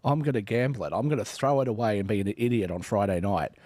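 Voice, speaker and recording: A man's voice: fairly low pitch, fast, darkish tone, no echo. An Australian man in his forties from Western Australia, hosting a podcast panel and arguing emphatically with rhetorical questions. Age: 40s. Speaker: podcast host. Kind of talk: panel discussion.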